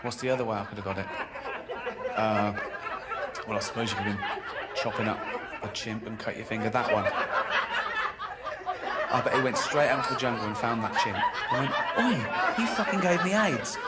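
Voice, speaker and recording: A man's voice: mid-range voice, heavy background noise, lightly acted. An actor playing a crude stand-up comedian on in-game TV, acting out both sides of his jokes. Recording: stand-up set with loud laughing crowd. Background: audience laughter.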